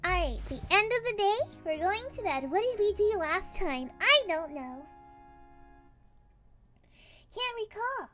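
A woman streaming a game and chatting casually with viewers, bubbly and excitable, rambling with exclamations. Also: extremely high pitch, a little slow, long pauses, over music. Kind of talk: casual livestream chat while gaming.

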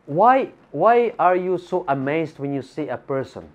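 A Filipino-accented man preaching in a church, his fairly high voice swinging widely up and down. He reads scripture aloud and keeps firing questions at the congregation. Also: measured pace. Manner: animated, asks the congregation rhetorical questions. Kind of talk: sermon with Bible reading.

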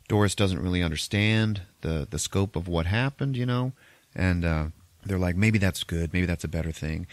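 A man's voice: deep voice, dry recording. A man hosting a podcast, recapping a movie in a loose, profane, rambling way with frequent laughs. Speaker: podcast host.

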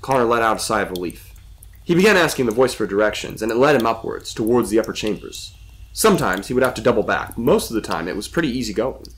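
A man's voice: on the low side, sing-song, fast talker. Man narrating a suspenseful story.

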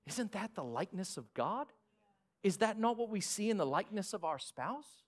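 A male pastor with an Australian accent preaching a sermon, lively with sarcastic asides. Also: sits high, moderate pace.

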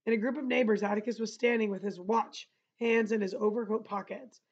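A woman's voice: medium pitch, steady tone, a little fast, slightly rough. Woman reading a novel aloud, lo-fi. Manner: breaks off the reading to explain to listeners. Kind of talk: novel read-aloud with explanations. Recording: dull lo-fi recording.

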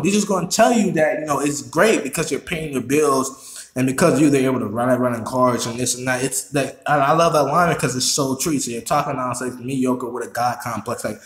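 A man hosting a reaction video who talks excitably, swears a lot and repeats himself. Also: medium pitch, brisk, echoey room. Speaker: YouTube reaction host. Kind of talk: casual reaction commentary.

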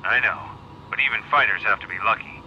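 An actor voicing a steady, concerned male commander heard over a radio transmission in a video game. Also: on the low side, fast talker. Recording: muffled radio link with faint hiss.

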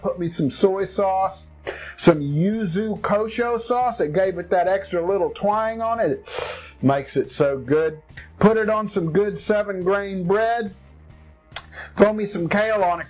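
A man hosting his own home cooking show, talking in a folksy, jokey, colloquial way. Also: sits high. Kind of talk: casual cooking demo.

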